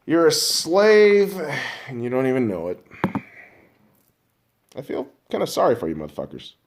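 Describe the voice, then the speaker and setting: A man hosting a podcast, ranting angrily and profanely, mocking imagined listeners and swinging from loud outbursts to low mutters. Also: huge pitch swings, normal speed, noisy background. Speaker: podcast host.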